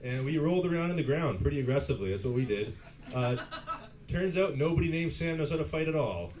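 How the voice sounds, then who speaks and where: A man's voice: a little high, lively intonation, fast, darkish tone. Canadian man in his twenties doing stand-up. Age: 20s. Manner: storytelling, self-mocking, laughing at own jokes. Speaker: stand-up comic. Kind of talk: stand-up comedy set. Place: pub stage at an open mic night.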